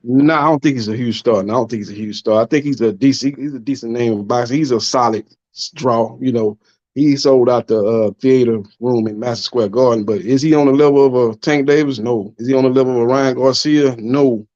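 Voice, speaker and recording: Measured man, dull lo-fi sound. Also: mid-range voice, darkish tone. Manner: measured, weighs answers. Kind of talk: casual boxing chat.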